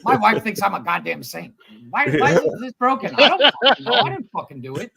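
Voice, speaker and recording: A man's voice: sits high, very animated, a little fast, creaky, a crowd in the background. A man in casual chat cracking wry jokes with co-hosts. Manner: wry, joking. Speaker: podcast co-host.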